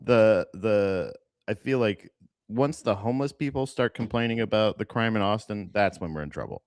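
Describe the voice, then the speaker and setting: A man's voice: lowish voice, normal speed, darkish tone, no room sound, clean studio sound. A man co-hosting a casual comedy podcast, laughing often and acting out other people's voices. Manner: laughing, acts out quoted voices. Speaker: podcast co-host.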